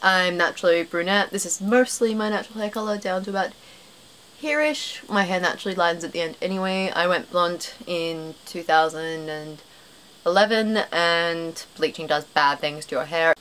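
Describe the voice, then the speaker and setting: Young woman, Australian accent, casual vlog chat, rambling, low voice, faint background hiss. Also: normal speed, fairly bright tone, poor audio. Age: young adult. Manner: chatty, rambling, self-deprecating, frequent fillers. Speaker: vlogger.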